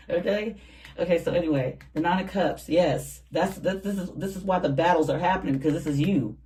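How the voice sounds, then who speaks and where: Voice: mid-range voice, fairly quick, low-quality recording. Chatty, slangy tarot reader. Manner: animated, slangy, chatty with frequent laughs. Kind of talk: casual tarot reading to camera.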